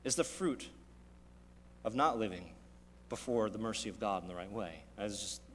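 A man preaching a sermon as pastor, with big swings between loud, raised passages and quiet, low asides. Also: moderate pace, a little hiss or hum. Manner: dynamic preaching with sharp swings in loudness and pitch. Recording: long reverb of a large hall.

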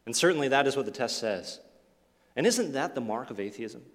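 A man's voice: mid-range voice, animated, brisk. A male pastor giving a Sunday sermon, telling a story and acting out the voices of the people he quotes. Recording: long reverb of a church hall.

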